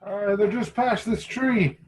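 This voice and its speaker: Guy doing his adventurer guy, pitched up, rushing out the news. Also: fairly even intonation, husky, exaggerated voice. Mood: urgent.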